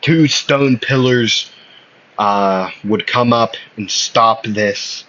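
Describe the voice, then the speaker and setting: Male fan storyteller, slow and meandering, full of ums, lo-fi mic. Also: lowish voice, sharp tone, a little hiss or hum. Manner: rambling, hesitant, many fillers and self-corrections. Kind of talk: casual spoken fan fiction. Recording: slightly muffled lo-fi audio.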